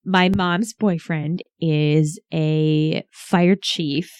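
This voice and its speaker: A woman's voice: deep voice, steady tone, extremely slow, a little mellow, clear, resonant tone, no room sound, studio quality. A woman guest on a casual podcast, telling stories in a blunt, grossed-out way.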